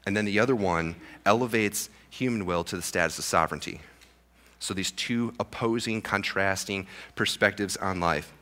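Young male pastor, low pitch and bright delivery, relaxed joking sermon style. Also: normal speed. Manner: casual, joking asides with many restarts.

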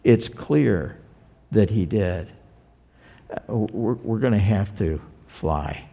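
A man's voice: fairly low pitch, animated, slow, creaky, warm tone. A man preaching a sermon as a pastor, talking conversationally and putting rhetorical questions to the congregation.

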